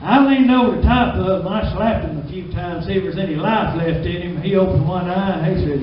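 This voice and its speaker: A man's voice: high-pitched, fairly quick, hardly any pauses, a little hiss or hum. A man with a Southern US drawl doing a stand-up comedy set in a small club, laughing at his own jokes. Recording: distant, dull, echoey club recording.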